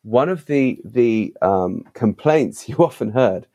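A man who is a podcast guest and author, telling stories in an animated, emphatic conversational way. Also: mid-range voice, slow. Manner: animated, emphatic, with vivid asides. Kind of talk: conversational storytelling.

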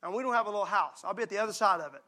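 A male pastor preaching a sermon. He swings from hushed, intimate lines to loud, shouted emphasis. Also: sits high, racing, background noise.

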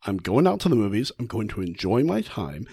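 A man voicing a headstrong woman who refuses to be ruled by fear, speaking in a brisk, dismissive way. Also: lowish voice, big pitch swings, gravelly, dark tone, breathy edge, no echo, full character voice. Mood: defiant.

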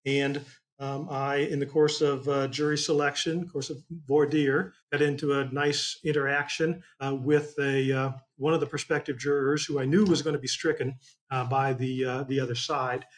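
A man from Indiana speaks as a trial attorney, telling a story in a relaxed, rambling way. He fills his sentences with ums and uhs, and his voice sits at an ordinary middle pitch. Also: moderate pace. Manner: folksy, rambling with many fillers. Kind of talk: storytelling in casual chat.

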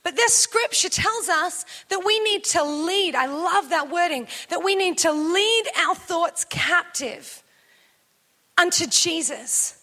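A woman in her thirties preaching a sermon, telling a lively personal story and shouting as she acts it out. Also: very high-pitched, slow.

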